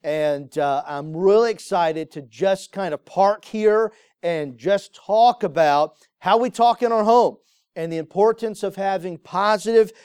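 Man, pastor, conversational sermon, fillers, fairly high voice, dry close sound. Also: a little slow, darkish tone, clean tone, dry recording. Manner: conversational, storytelling, frequent "uh" fillers. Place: church sanctuary with congregation.

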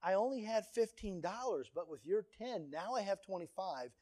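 A man's voice: high-pitched, expressive, moderate pace, a little mellow, no echo, studio quality. A man voicing an eager little boy in a sermon story, pleading with his father.

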